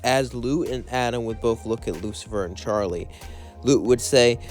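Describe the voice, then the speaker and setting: A man narrating a what-if fan story in a casual, rambling style, full of fillers and asides. His pitch sits in an everyday middle range. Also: fairly even intonation, moderate pace, a little mellow, soft background music.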